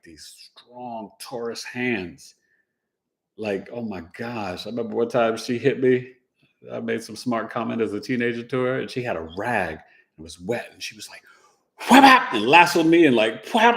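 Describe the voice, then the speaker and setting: A man hosting a casual podcast, telling animated family anecdotes with laughs and sound effects. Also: medium pitch, gravelly. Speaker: podcast host and astrologer. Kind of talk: casual storytelling chat.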